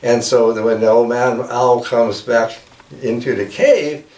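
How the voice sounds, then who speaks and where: A man telling a folk tale in a casual, halting way, with many fillers, recorded with a roomy sound from a distance. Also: mid-range voice, fairly even intonation, darkish tone. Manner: halting, lots of "you know" and "like that". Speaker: storyteller. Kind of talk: casual oral storytelling.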